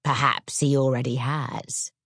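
A woman's voice: a bass voice, flat delivery, unhurried, a bit bright, slightly rough, dry recording, clean studio sound, exaggerated voice. A woman voicing a shrewd, crook-backed old crone who mutters ominous warnings in a storybook reading.

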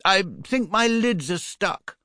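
A man's voice: high-pitched, slow pace, bright, forceful tone, no echo, studio quality, pitched above the performer's own voice, full character voice. A man voicing a polite young male bear who sounds muffled and stammers in earnest. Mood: flustered.

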